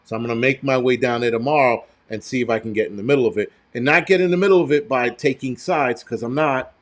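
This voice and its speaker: An American man at an ordinary middle pitch, hosting a casual live stream. He talks straight to his viewers in a loose, rambling way, blunt and quick to swear. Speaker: prepper channel host.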